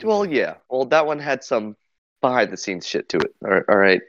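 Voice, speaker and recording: A man on a casual podcast telling a story slowly, with many fillers and some laughter. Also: medium pitch, sing-song, a bit bright, no room sound. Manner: hesitant, many fillers, laughs while talking. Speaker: podcast co-host. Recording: dull lo-fi mic.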